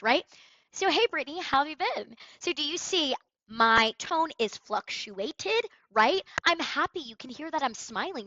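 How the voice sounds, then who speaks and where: A woman sales coach giving an energetic, emphatic training talk on sales calls, with role-play, on a headset. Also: high voice, no echo, lo-fi sound.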